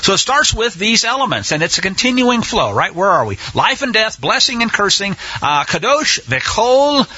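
A man's voice: sits high, sing-song, moderate pace, few pauses, sharp tone, husky, dry recording, highs cut off. A man teaching the Bible on the radio in an impassioned, conversational way, full of asides. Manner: impassioned, indignant preaching with asides.

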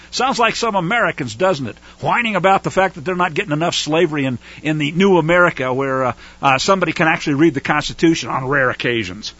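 A man giving a casual, animated Bible study and teaching through a Torah portion. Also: sits high, brisk, hardly any pauses, dry recording, dull audio. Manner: animated, acts out whining voices.

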